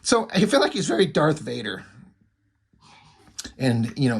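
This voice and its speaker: A man's voice: a little high, big pitch swings, a little slow, gravelly, slightly rough. A man rambling casually through a comic book review, enthusiastic and profane.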